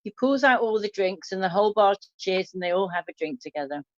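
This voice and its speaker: A woman's voice: mid-range voice, lively intonation, fast. A woman hosting an online café show, chatting and reading listener jokes aloud with small slips. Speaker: host telling listener jokes. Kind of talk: casual chat, reading out jokes. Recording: dull dry lo-fi sound.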